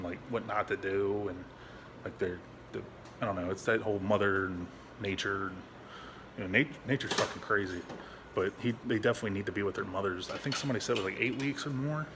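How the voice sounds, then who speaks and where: A man talking bluntly in a casual, rambling vlog at home, swearing often and restarting his sentences. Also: background noise. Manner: high baby-talk voice when speaking to his dog. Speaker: veteran vlogger.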